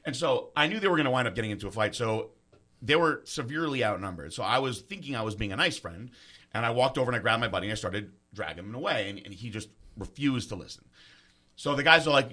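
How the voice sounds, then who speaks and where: Male storyteller, quick and bright, acts out every quote, salty language. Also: medium pitch. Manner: animated, acts out quoted voices, swears freely. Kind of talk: casual storytelling.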